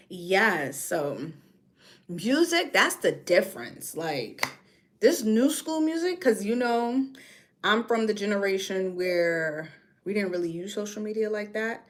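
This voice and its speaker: A woman's voice: mid-range voice, animated, takes it slowly. A woman from New York with a New York accent, chatting casually on a livestream and reading comments, drifting between topics. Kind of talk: casual chat.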